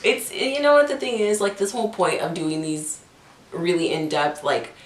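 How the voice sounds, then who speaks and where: Brief: young woman, lowish voice, dry jokey delivery, echoey room. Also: very animated, normal speed. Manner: sarcastic, joking. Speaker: co-host. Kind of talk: casual chat.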